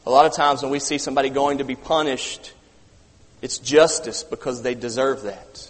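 A man preaching a sermon, reading scripture aloud and breaking off to comment, swinging from loud urgency to quiet emphasis. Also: medium pitch, fairly even intonation, normal speed. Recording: long hall reverb.

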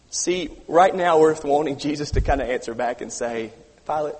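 A man's voice: a little high, moderate pace, hardly any pauses. Impassioned preacher man in a reverberant hall. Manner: impassioned, shifts between loud urgency and quiet emphasis. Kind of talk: sermon reading scripture with commentary.

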